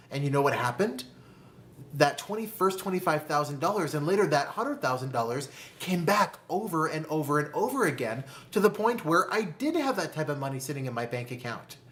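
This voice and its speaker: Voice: medium pitch, a bit bright. A host giving a motivational talk to camera about money, calling the listener "my friend" and asking rhetorical questions. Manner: slow, deliberate emphasis on key phrases. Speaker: personal finance video host.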